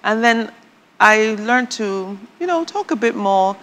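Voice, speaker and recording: A woman guest on a talk show, chatting casually and telling lively stories with dry, sarcastic humor. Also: a little high, measured pace, long reverb tail. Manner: animated storyteller, laughs often, dry sarcastic humor.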